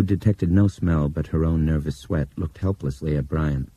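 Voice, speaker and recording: A man narrating an audiobook in a steady, measured reading. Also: a bass voice, breathy edge, no room sound. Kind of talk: scripted narration.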